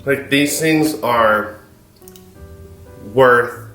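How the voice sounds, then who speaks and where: A man taste-testing food with the host in a home kitchen, relaxed and teasing as he searches for words. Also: medium pitch, drawn-out words. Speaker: host's taste-testing partner. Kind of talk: casual chat. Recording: roomy kitchen echo, faint music.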